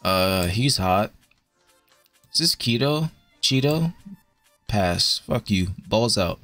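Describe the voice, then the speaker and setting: A young man streaming and chatting with his viewers in a blunt, profane way, giving quick verdicts with plenty of casual swearing. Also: on the low side, animated, a bit bright, no room sound, faint music behind. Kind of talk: casual live-stream commentary.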